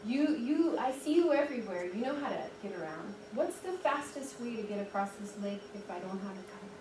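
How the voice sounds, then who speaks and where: A woman voicing a worried, eager young boy in a folk tale, quick and pleading, heard from a distant mic in an echoey room. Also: fairly high pitch, expressive, background noise, lightly acted.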